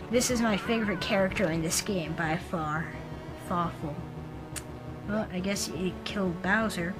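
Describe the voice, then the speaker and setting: A woman giving casual commentary on a video game, rambling and halting with lots of fillers. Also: on the low side, music in the background, low-quality recording. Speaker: let's player.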